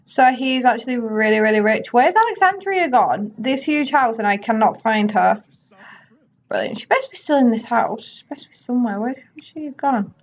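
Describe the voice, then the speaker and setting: A woman's voice: a little high, lively intonation. A woman giving casual, chatty commentary over a life-sim game, now and then voicing characters. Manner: chatty, voices characters in quick asides. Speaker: gaming video host. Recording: slightly dull lo-fi audio.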